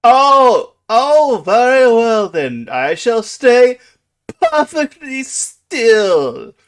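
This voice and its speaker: A man voicing a flamboyant, pompous male bronze dragon who speaks in a booming voice. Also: sing-song, drawn-out words, smooth, full character voice. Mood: magnanimous. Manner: pompous and theatrical.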